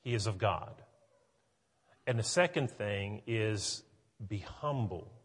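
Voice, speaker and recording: Husky-voiced preacher in an echoing hall. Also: male voice, lowish voice, expressive, slow. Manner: earnest, building to emphatic. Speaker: pastor. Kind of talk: sermon.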